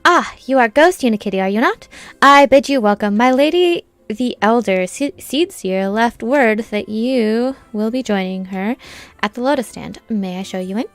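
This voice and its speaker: A courteous young forest attendant, voiced by a woman reading the lines in a game. The greeting is formal and polite, in a slightly high voice. The sound is close and dry. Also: expressive, normal speed, no room sound.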